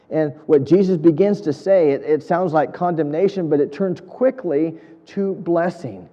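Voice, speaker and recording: A man's voice: a little high, animated, normal speed, few pauses, dark tone, in a large hall, highs cut off. A man preaching an earnest, emphatic sermon, building points through repetition. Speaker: pastor.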